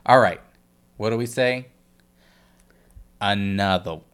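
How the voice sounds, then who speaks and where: A man's voice: medium pitch, sing-song, unhurried, a bit bright. A man co-hosting a podcast in casual chat, hesitant and full of restarts. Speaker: podcast co-host.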